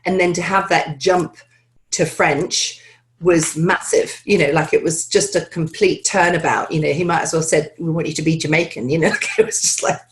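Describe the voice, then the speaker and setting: A woman coaching actors on accents talks through listener questions in an interview. Her speech is lively and chatty, jumping up in pitch and breaking into laughs. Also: normal speed, a little hiss or hum.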